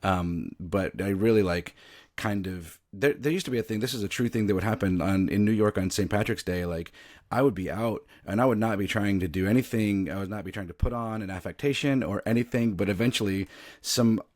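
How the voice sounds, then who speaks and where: Low-voiced man, rambling interview guest. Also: fairly quick, darkish tone, no room sound, studio quality. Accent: neutral American, faint Southern. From American South. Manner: rambling, many restarts and fillers. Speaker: podcast guest, actor. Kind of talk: casual interview chat.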